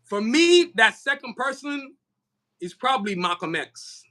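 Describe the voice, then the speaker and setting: A man, a podcast guest talking in an animated, emphatic way, often repeating himself and laughing. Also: very high voice, a little slow. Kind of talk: casual podcast conversation.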